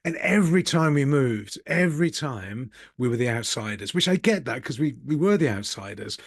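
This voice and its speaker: A middle-aged business coach and channel host from Birmingham, England, gives a casual reflective monologue in a dry, animated mid-range voice at normal speed with no echo. He's candid, rambling, and self-deprecating, chuckling now and then.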